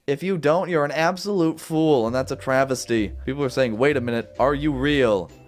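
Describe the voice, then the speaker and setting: A man's voice: medium pitch, normal speed. A man giving casual, jokey commentary while playing a game at home in his apartment, with sudden playful jumps in his voice. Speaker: gaming video host. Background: neighbor's music.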